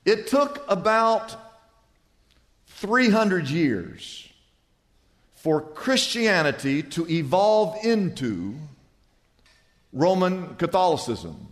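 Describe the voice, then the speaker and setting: A man preaching a sermon to a congregation as pastor, telling a joke with lively acted-out voices. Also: high-pitched. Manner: animated storytelling, acts out characters in a joke. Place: church hall before a congregation. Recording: long reverb of a church hall.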